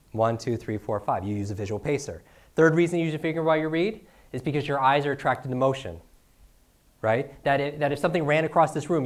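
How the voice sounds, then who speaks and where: A middle-aged man teaching a seminar to a live audience, firing off rhetorical questions and tagging lines with "right?". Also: medium pitch. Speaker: speaker teaching speed reading. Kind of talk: energetic live seminar talk.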